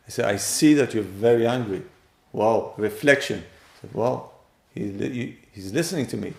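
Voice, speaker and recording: Man, gravelly voice, echoey room, lecture on relationships. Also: mid-range voice. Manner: acts out quoted speakers with sudden loud jumps. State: voice a bit strained. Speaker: teacher.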